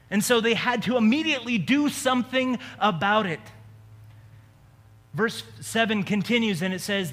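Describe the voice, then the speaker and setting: A man's voice: high-pitched, a bit bright. A man preaching a sermon as a pastor, talking in a conversational way with joking asides. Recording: long reverb of a large hall.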